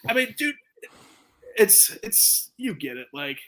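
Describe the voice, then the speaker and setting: A man's voice: high voice, sing-song, slow, fairly bright tone. A young man from Canada talking casually in an interview, laid-back and blunt, swearing freely. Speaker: jiu-jitsu gym owner and event promoter.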